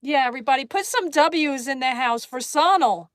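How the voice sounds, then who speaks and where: A woman's voice: high voice, expressive, normal speed, dry recording, studio quality. A woman hosting a live stream, chatting casually, reading viewer comments aloud and thanking them with lots of laughter. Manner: bubbly, laughing often, exclaiming thanks to viewers. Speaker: livestream host.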